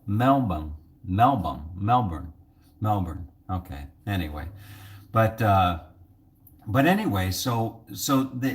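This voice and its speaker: Brief: man, low deep voice, loose rambling vlogger who pokes fun at himself. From United States. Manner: rambling and jokey, self-mocking. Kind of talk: casual vlog monologue.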